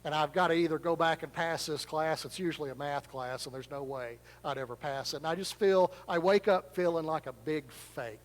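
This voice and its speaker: A pastor from Arkansas, preaching a sermon in a conversational, self-deprecating storytelling way. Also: male voice, on the high side, brisk, few pauses. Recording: long reverb of a large hall.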